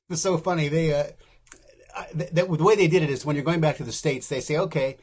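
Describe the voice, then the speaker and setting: A man's voice: fairly high pitch, a little hiss or hum. A man in his seventies, an interview guest, telling candid stories in a wry, casual way and acting out the people he quotes.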